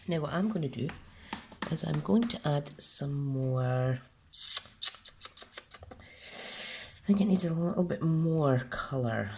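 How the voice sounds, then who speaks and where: Scottish woman, relaxed unhurried craft demonstrator, chatty and self-narrating. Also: low-pitched, creaky, a little hiss or hum. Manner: chatty, talks herself through each step. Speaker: card-making demonstrator. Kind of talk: casual crafting tutorial.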